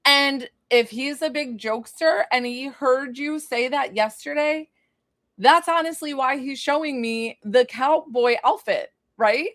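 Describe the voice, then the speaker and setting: A woman's voice: high voice, a little slow, fairly bright tone, no room sound, studio quality. A woman working as a psychic medium, giving an informal one-on-one reading and thinking aloud with lots of fillers. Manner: bursts into laughter.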